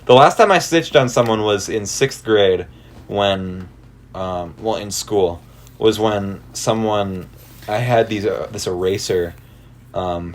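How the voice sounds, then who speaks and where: Lower-voiced young man ranting casually. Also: slight background noise. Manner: rambling storytelling with many fillers, gets worked up. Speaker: podcast co-host. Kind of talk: casual chat.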